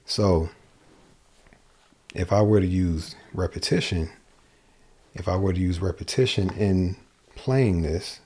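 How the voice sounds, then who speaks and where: A man with a low-pitched voice speaks slowly, pausing often, as he gives a casual guitar lesson over a livestream. He thinks out loud, frequently repeating and restarting phrases, while guitar playing sounds in the background.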